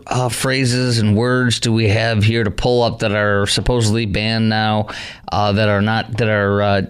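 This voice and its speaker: A man's voice: lowish voice, clean tone. A middle-aged man hosting a call-in talk radio show, sarcastic and exasperated, scoffing at what he reads out.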